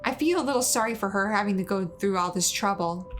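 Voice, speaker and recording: A woman's voice: mid-range voice, fast, faint music behind. Woman steadily narrating a game. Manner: steady, even reading, laughs often. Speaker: streamer reading a visual novel. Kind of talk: narrating a game aloud on a stream.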